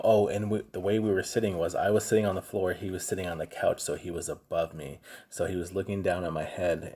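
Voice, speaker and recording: A middle-aged man teaching a math lesson in a relaxed, chatty way, full of fillers and side stories. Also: low-pitched, breathy edge. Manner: relaxed, chatty, tells anecdotes with lots of fillers. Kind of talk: casual classroom lesson.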